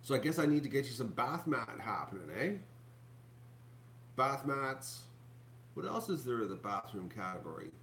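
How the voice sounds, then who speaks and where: A man's voice: medium pitch, big pitch swings, quick pace, few pauses, fairly bright tone, a little hiss or hum. A man, hosting a casual vlog, rambling to his viewers with lots of fillers and restarts. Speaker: YouTube channel host.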